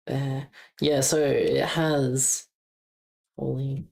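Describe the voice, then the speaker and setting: Chatting unhurriedly on a live stream, a woman with an extremely low, gravelly voice keeps a steady tone. She practices German pronunciation by saying words aloud again and again, cutting in with quick casual curses and exclamations.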